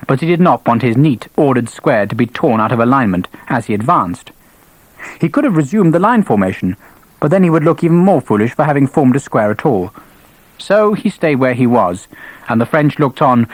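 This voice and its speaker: A man reading an audiobook in expressive scripted narration. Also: medium pitch, no room sound, rough recording. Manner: expressive storytelling.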